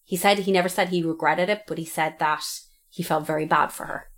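A woman's voice: low voice, steady tone, a little fast, fairly bright tone. A woman co-hosting a podcast, talking casually and bluntly, swearing freely and retelling what people said. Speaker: podcast co-host. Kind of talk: casual true-crime podcast chat.

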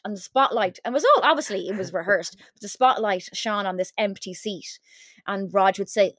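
An Irish woman co-hosting a podcast, telling stories in a lively, anecdotal way. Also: medium pitch, a little fast, dry recording. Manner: lively anecdotal storyteller, laughs often. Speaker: podcast co-host. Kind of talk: casual chat, storytelling.

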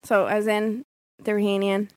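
A woman chats easily on a podcast, recounting a mishap with self-deprecating humor. Her voice sits at an ordinary middle pitch. It is recorded close and dry, with no room sound. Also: monotone, moderate pace, clean tone, no echo. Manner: chatty storytelling, self-deprecating. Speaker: podcast co-host. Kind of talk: casual chat.

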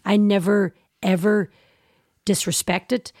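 A middle-aged woman with a Northern Irish accent from Derry chats as an interview guest, her voice carrying a gravelly rasp. She tells stories with animation, slipping into quoted voices and peppering her talk with "aye" and "you know". The sound is close and dry. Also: mid-range voice, flat delivery, unhurried, darkish tone, no room sound. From Derry, Northern Ireland. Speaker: guest, actress and singer. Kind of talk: casual interview chat.

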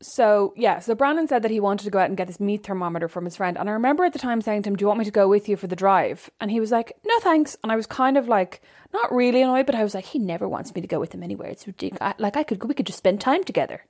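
A woman, co-hosting a podcast in casual chat and telling stories in a lively way, often acting out what people said. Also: medium pitch, rapid-fire, few pauses. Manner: chatty, animated storytelling with quoted asides. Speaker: podcast co-host.

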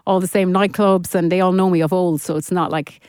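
A woman's voice: lowish voice, steady tone, a little fast, darkish tone, clean tone, no echo. A middle-aged Irish woman chatting casually in a radio studio interview, rambling with lots of fillers and restarts. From Ireland. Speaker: singer guest. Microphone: studio mic.

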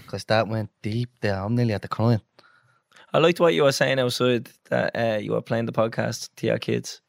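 A man's voice: mid-range voice, moderate pace, gravelly, no echo, clean studio sound. A man hosting a podcast, chatting casually. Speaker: podcast host. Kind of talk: casual conversation.

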